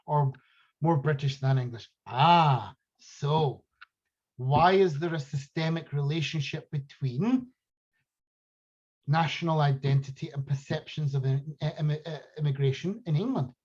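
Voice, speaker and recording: A man's voice: a little high, a little slow, darkish tone, highs cut off. A man hosting a podcast, delivering emphatic, argumentative political commentary with a dismissive edge. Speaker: podcast host.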